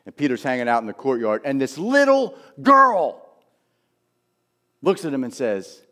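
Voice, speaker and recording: A man preaching a sermon as pastor, telling a Bible story with emphatic, animated delivery. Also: mid-range voice, unhurried.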